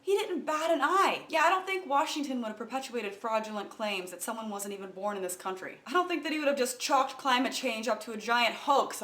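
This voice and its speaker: A woman's voice: on the high side, fairly bright tone. A woman giving sarcastic political commentary, mocking what she quotes. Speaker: video commentator.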